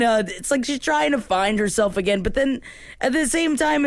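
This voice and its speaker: A woman co-hosting a podcast in loose casual chat. Her voice sits at a middle pitch, and she comes across as wry and skeptical. The mic is close and dry. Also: no echo. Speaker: podcast co-host.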